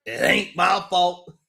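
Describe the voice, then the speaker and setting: A man's voice: high-pitched, gravelly, pushed and bright. A man hosting a live stream, chatting casually, laughing often and greeting viewers by name as he talks.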